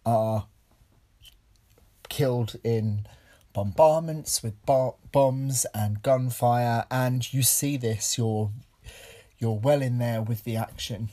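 A man hosting a solo film podcast, speaking earnestly and haltingly with many fillers, audibly shaken and emotional. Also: mid-range voice, dark tone. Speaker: podcast host.

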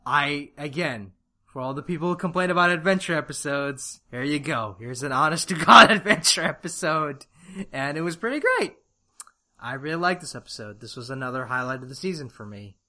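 A man co-hosting a casual review chat, animated and often laughing. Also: fairly high pitch, fairly quick. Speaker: podcast co-host.

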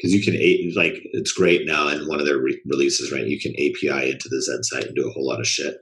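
A man's voice: a bass voice, fairly even intonation, fast, fairly bright tone. A man co-hosting a podcast in casual chat, laid-back, trailing off and swearing casually. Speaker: podcast co-host.

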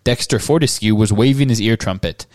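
A man co-hosting a podcast, reading a novel aloud in a steady, measured way. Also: on the low side, dry recording. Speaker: podcast co-host.

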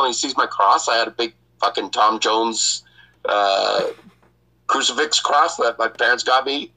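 Male host, bright and forceful tone, loose profane storytelling. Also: mid-range voice, measured pace, vocal fry, low-quality recording. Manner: profane, laughs often. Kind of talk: casual storytelling.

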